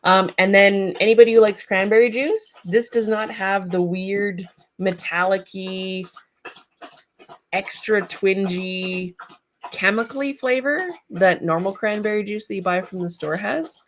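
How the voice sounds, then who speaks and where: A woman's voice: medium pitch, a little slow, slight background noise. A woman streaming live from home, chatting casually and rambling with lots of ums. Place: home, with a large dog nearby.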